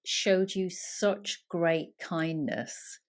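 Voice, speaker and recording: A woman podcast host who reflects on what her guest says and asks warm follow-up questions. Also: lowish voice, steady tone, drawn-out words. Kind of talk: interview conversation.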